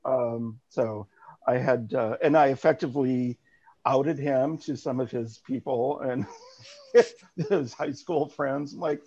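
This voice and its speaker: Gravelly, husky man telling a story. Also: medium pitch, takes it slowly. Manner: animated storytelling, swearing, laughing often. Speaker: podcast co-host. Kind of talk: casual chat. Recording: dull lo-fi podcast audio.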